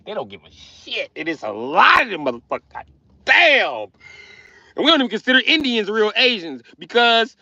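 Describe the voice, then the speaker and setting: A man's voice: on the high side, bright, forceful tone, dry recording, muffled recording. An American man delivering a profane, brash comic rant on a livestream. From United States.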